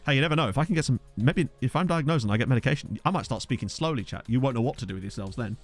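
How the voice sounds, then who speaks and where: A man streaming a football management game, chatting fast with his viewers, laughing often and getting excited at the action. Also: medium pitch, soft background music. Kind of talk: casual live-stream commentary with chat. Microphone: desk microphone.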